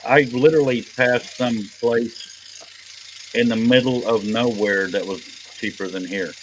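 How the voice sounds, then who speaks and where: A man's voice: medium pitch, steady tone, measured pace, low-quality recording. A man hosting a live stream, chatting casually in a tired, offhand way. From Texas. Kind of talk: casual chat. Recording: faint background noise.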